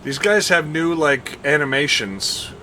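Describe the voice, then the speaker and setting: A man streaming a game live, chatting casually with viewers, thinking and counting out loud and laughing often. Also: a little high, animated, unhurried, a little hiss or hum. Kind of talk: casual gameplay commentary.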